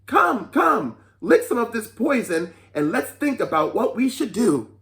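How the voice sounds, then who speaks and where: A storyteller voicing a clever, playful young boy monk with a bright, excited delivery. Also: medium pitch, unhurried, creaky, voice pushed up, heavily acted.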